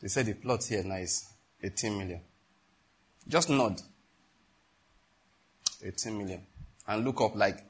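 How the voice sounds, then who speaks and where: A man's voice: mid-range voice, moderate pace, long pauses, husky. A middle-aged man with a Nigerian accent preaching a sermon, exhorting his listeners and telling stories from his own life. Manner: animated and exhorting, with storytelling asides.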